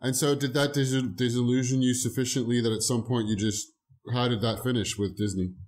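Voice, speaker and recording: A male podcast host giving short, quiet remarks and questions in an interview. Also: medium pitch, fairly even intonation, brisk. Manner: brief, quiet back-channel remarks and questions. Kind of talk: casual interview chat.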